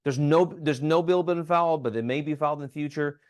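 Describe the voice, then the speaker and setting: A man's voice: a little high, fairly quick, smooth. A man who is a state legislator giving a casual training talk at a town hall meeting, with frequent ums and restarts and checking in with "okay?".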